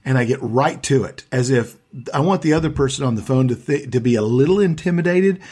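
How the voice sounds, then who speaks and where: A man's voice: medium pitch, lively intonation, fairly quick, darkish tone, breathy edge. A middle-aged man hosting a casual conversation about sales, talking in a firm, storytelling way.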